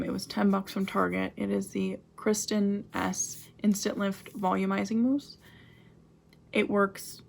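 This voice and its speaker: A woman's voice: medium pitch, vocal fry. A young woman casually reviewing hair products in a vlog, chatty and full of "like" and "um" fillers. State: out of breath. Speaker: beauty vlogger.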